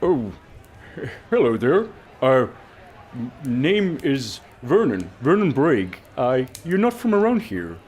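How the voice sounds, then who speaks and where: A man's voice: medium pitch, big pitch swings, darkish tone, a little hiss or hum, pitched above the performer's own voice. A man voicing a flustered half-orc innkeeper who stammers and trips over his words in a tabletop game. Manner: stammering, hurried.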